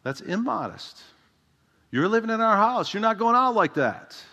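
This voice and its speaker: A man's voice: a little high, huge pitch swings, slow, gravelly, a bit bright, husky, voice pushed up, full character voice. A man voicing a strict mother who lays down firm, clipped rules. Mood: stern. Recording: long hall reverb.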